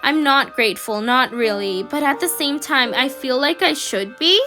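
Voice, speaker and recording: A woman with a high voice tells a story in the first person, soft and halting as she works through her thoughts. Music plays clearly behind her throughout. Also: expressive. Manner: soft, halting inner monologue.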